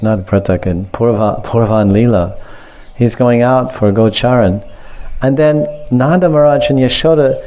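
A man's voice: medium pitch, dark tone. A man giving a devotional scripture lecture, repeating phrases, wandering into asides, laughing often and acting out the stories he tells. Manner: repetitive, digressive, laughs often, acts out stories. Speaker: spiritual teacher.

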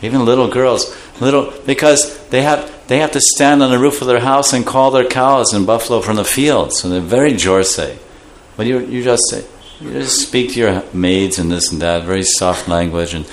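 Lowish guy teaching a scripture class, lively, does little voices, slight background noise. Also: normal speed, hardly any pauses. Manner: animated, acts out voices while explaining terms.

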